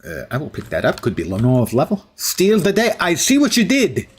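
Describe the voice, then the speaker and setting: A man's voice: a little high, huge pitch swings, brisk, husky, exaggerated voice. A man putting on a mock Russian accent to voice a boastful steel-skinned male mutant hero, speaking in formal, article-dropping phrases during in-character game commentary. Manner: formal, article-dropping, grandly self-praising.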